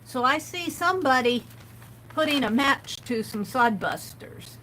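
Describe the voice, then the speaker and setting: A woman chats her way through a craft livestream, reading bits aloud and adding amused comments. Her voice is bright and a little high, and she speaks slowly and unhurriedly. A faint hiss sits under the recording. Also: lively intonation, rough recording. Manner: chatty, reads quotes aloud with amused commentary. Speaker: art livestream host. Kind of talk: casual craft livestream chat.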